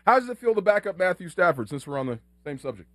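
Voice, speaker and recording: A man's voice: high-pitched, sing-song, fast talker, dry recording. A man co-hosting a sports radio show, playful, teasing the others and laughing often. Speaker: radio co-host. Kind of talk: casual sports talk chat.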